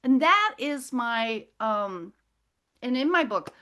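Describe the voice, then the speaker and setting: A middle-aged woman speaking as a guest, telling her story in a scattered, rambling way. She often loses her thread and breaks off with quick apologies. Her voice sits a little higher than most women's. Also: sing-song, sharp tone.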